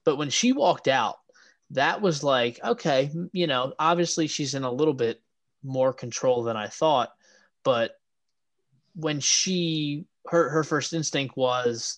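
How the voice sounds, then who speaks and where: A man's voice: mid-range voice, unhurried, pauses often. A man with an ordinary mid-range voice rambles through theories in a casual conversation. He stumbles and repeats words as he thinks, keeping an easygoing, chatty tone. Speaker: podcast co-host. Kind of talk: casual chat recap.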